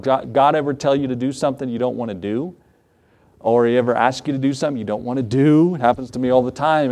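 A man delivers a sermon in a mellow, warm-toned voice at a middling pitch. He mixes scripture reading with folksy stories and asks the congregation rhetorical questions. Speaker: pastor.

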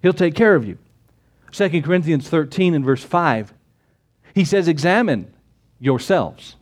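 Speaking a little slowly and with plenty of expression, a pastor preaches using scripture quotes and rhetorical questions. He alternates between emphatic shouts and quieter, conversational side comments.

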